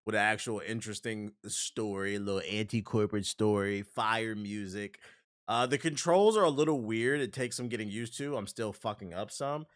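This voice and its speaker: A male game streamer giving casual gaming commentary, excitable and profane, with loud outbursts. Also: fairly low pitch, normal speed. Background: game music.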